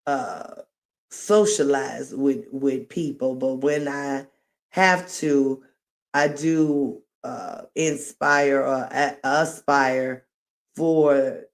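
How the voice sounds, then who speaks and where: A woman's voice: very deep voice, darkish tone. A woman talking casually on her own live stream, rambling and chatty, who laughs at her own jokes and refers to herself in the third person.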